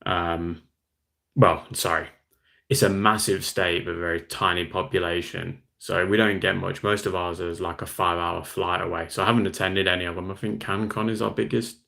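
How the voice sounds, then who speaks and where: A young man with an Australian accent, hosting a relaxed livestream. His voice sits very low with a gravelly fry, and he chats loosely, reading out viewer comments and answering them. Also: moderate pace. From Western Australia. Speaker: livestream host. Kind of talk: casual livestream chat.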